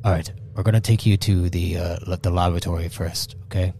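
A man voicing a gruff, curt male military commander in a tabletop game. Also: low-pitched, fairly even intonation, brisk, dark tone, slight background noise. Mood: impatient. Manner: curt, clipped.

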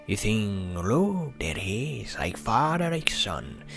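A man's voice: lowish voice, very animated, slow, creaky, fairly bright tone, faint music behind, exaggerated voice. A man performing an impression of a furious son ranting at his absent father, using a put-on Welsh accent that wanders into other accents and swearing bitterly. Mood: bitter fury. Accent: put-on Welsh accent that drifts to other accents. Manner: snarling, swearing, bitter taunting. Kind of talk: monologue impression of a film role.

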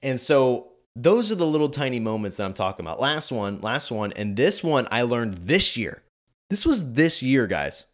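A man in his twenties giving chatty movie commentary, animated and quick to laugh. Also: medium pitch. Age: 20s. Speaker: video host.

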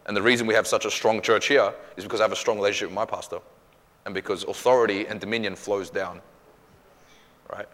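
Fast-talking pastor in an echoey hall. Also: male voice, lowish voice. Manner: casual, animated, acts out quotes. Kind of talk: church Q&A teaching.

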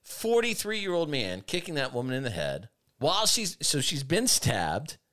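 Emphatic man with a lively voice. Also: on the high side. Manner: emphatic, argumentative, swings between fast and drawn-out. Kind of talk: opinionated commentary chat.

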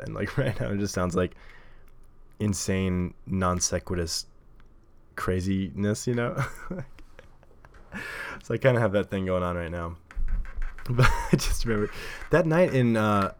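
A man hosting his own podcast, rambling casually with lots of fillers and frequent laughs into a desk mic. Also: low-pitched. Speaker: podcast host. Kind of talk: casual solo podcast monologue. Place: home recording setup at a table.

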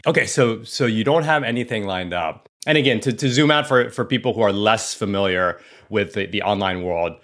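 Brief: male podcast host, thirties, lower register, animated storyteller who restarts his sentences. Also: a little fast, hardly any pauses. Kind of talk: casual podcast conversation.

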